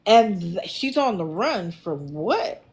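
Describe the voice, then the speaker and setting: A middle-aged woman talks in a slow, unhurried way as she hosts a livestream. She gives sassy, animated commentary and fires back at her chat. Her voice sits at an ordinary middle pitch. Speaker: livestream host.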